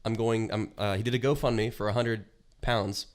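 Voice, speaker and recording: A man's voice: fairly low pitch, steady tone, normal speed. A man co-hosting a comedy podcast, chatting casually and telling rambling stories full of swearing and laughter. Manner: profane, rambling storyteller who laughs often. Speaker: podcast co-host. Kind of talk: casual chat.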